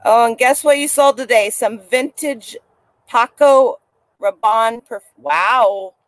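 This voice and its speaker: Showing her reseller finds, a woman chats and rambles casually, turning now and then to talk to people and a dog around her. She speaks slowly in a higher-pitched voice, with no echo.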